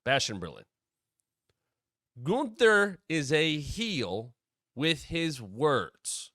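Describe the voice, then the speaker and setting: A man's voice: fairly high pitch, very animated, extremely slow, bright, forceful tone, no echo, studio quality. A man hosting a wrestling podcast, talking in a blunt, opinionated way with casual swearing. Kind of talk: opinionated commentary.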